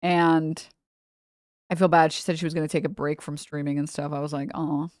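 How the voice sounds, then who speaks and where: A woman's voice: low-pitched, level tone, a little fast, a little mellow, no room sound, studio quality. A woman streamer chatting casually, rambling with lots of fillers and trailing off mid-thought. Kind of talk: casual live-stream chat.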